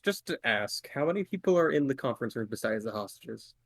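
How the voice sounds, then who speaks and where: A man, a player in a tabletop game, asking quick questions casually. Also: mid-range voice, expressive, vocal fry, dry recording.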